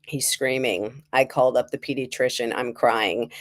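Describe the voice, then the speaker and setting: A woman's voice: a bass voice, moderate pace, few pauses, no room sound, studio quality. A woman hosting a casual chat and telling parenting stories with lots of laughter. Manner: laughing, animated storyteller. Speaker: host.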